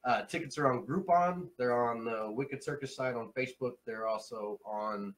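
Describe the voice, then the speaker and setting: A male comedian telling a story in a casual chat, animated and swearing freely, acting out the people he quotes. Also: mid-range voice, moderate pace, slight background noise, rough recording. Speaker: comedian guest.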